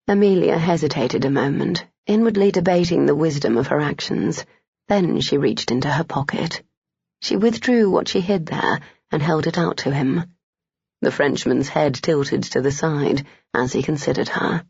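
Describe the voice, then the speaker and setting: An audiobook narrator reading a romance novel in a measured storytelling manner. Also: mid-range voice, vocal fry, darkish tone, slightly rough, no room sound, muffled recording.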